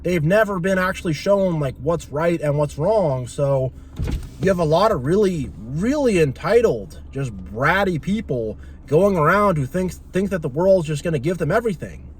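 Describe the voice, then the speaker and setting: A man's voice: a little high, lively intonation, normal speed, slight background noise. A young man talking in a casual, opinionated and rambling monologue as a channel host. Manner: opinionated, rambling, acts out quoted voices.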